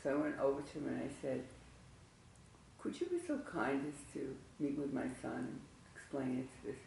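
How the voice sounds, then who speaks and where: A congregant speaks up during a class, telling a personal story in an earnest, reflective way. The voice has a gravelly texture. It is picked up from a distance in a very echoey room with faint ambience behind it. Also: medium pitch, lively intonation, normal speed, darkish tone, a little hiss or hum.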